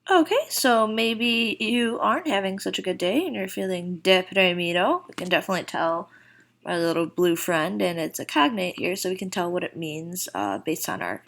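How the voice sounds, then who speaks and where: A woman with a low, gravelly voice walks through a recorded vocabulary lesson. She explains in a casual, chatty way and then slows right down to model each phrase clearly. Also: a bit bright. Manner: slow, deliberate model phrases with casual fillers. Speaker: Spanish teacher.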